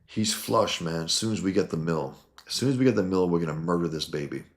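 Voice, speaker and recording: A man's voice: low voice, quick pace. A man voicing a brutal young male street gang thug who talks in menacing slang.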